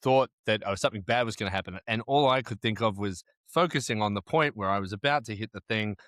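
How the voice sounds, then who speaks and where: A man co-hosting a casual podcast, telling stories in an animated way and swearing freely. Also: on the low side, fast, no room sound, clean studio sound. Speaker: podcast co-host. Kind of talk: casual chat.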